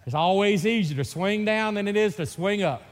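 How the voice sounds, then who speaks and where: A man's voice: high voice, brisk, slight background noise. A middle-aged man from Mississippi with a Mississippi Southern accent, preaching a sermon in a folksy, joking storytelling way. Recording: long reverb of a church hall.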